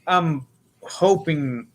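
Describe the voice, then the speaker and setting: A man's voice: on the high side, sharp tone. A man co-hosting a podcast in casual chat, loose, profane and joking. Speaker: podcast co-host.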